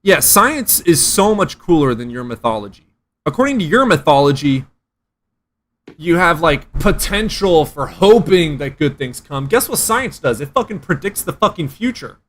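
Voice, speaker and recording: A man's voice: a little high, sing-song, measured pace, fairly bright tone. A man hosting a casual debate chat, ranting and swearing freely. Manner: profane, ranting. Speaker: streamer host.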